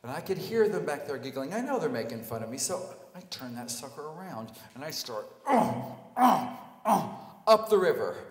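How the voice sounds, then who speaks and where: A man telling a personal story live on stage, animated and self-mocking, acting out the scenes. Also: mid-range voice, fairly quick, hardly any pauses. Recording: echoey hall, live stage.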